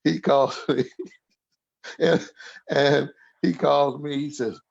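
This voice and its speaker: A man's voice: on the high side, fairly even intonation, slow, creaky. Older man in his sixties, easygoing joker and storyteller, slightly muffled sound. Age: 60s. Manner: humorous, laughs through his stories. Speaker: podcast guest. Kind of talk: casual storytelling interview.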